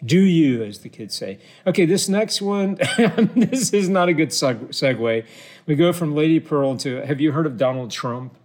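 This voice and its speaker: A man's voice: on the high side, animated, moderate pace, darkish tone. A man hosting a casual, unscripted chat, who keeps dissolving into laughter while he reads aloud. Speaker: host.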